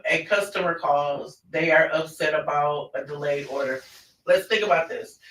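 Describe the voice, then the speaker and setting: A man's voice: high-pitched, pushed and bright, a little hiss or hum. A man presenting an online parenting class in a conversational way, often restarting his sentences. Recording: roomy, distant mic.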